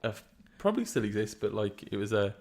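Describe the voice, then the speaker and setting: A man's voice: on the low side, sing-song, brisk, a little mellow. A young man with a West Midlands accent, co-hosting a casual podcast chat, jokey and chatty, often trailing off. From West Midlands, England. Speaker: podcast co-host.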